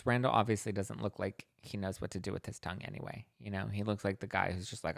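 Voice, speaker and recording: A man's voice: fairly low pitch, steady tone, quick pace, gravelly, hardly any pauses, no echo, studio quality. A man hosting a gossipy book recap, talking in a catty, sarcastic, chatty way. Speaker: host.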